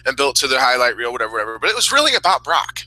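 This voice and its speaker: Man, very bright voice, dry close sound, rambling candid co-host, casual wrestling chat. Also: medium pitch, sing-song, very fast, no room sound, rough recording. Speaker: podcast co-host.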